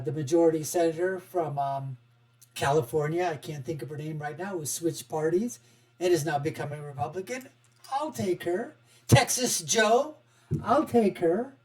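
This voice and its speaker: A man hosting a political commentary show, mocking and animated, swinging from loud outbursts to quiet asides. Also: a little high, normal speed, low-quality recording. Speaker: host.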